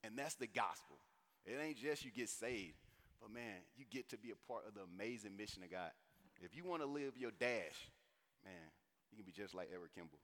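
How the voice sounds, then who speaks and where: A man preaching a sermon in an animated, conversational way with slang. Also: fairly low pitch, fairly quick. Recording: long hall reverb.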